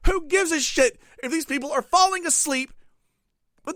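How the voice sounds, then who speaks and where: A high, bright-voiced man rants in a comedic monologue, cursing as he swings between grumbling asides and sudden shouts. The sound is close and dry. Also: moderate pace, no room sound. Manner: angry, swearing, swings from muttering to shouting. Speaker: comedic ranting host.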